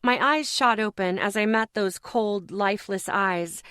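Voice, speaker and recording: A woman narrating a paranormal audiobook in first person, with a measured, intense, emotional reading on a close studio mic. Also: medium pitch, a bit bright, clean tone, no room sound.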